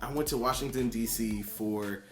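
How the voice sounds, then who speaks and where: A man's voice: mid-range voice, moderate pace, reverberant, soft background music. A man co-hosting a casual chat, playfully asking questions and joking along. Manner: playful, animated, asks questions. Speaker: co-host.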